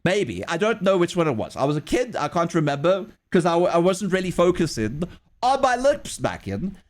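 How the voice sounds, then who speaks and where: Animated rambling male livestreamer. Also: high-pitched, normal speed. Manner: rambling storytelling with many restarts, swears, laughs. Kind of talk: casual chat while drawing on a livestream.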